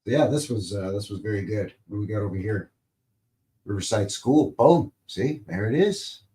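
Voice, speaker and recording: A man's voice: fairly low pitch, lively intonation, moderate pace, warm tone. A man hosting a live stream, chatting casually in a rambling, playful way and tossing in goofy sound effects. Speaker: livestream host.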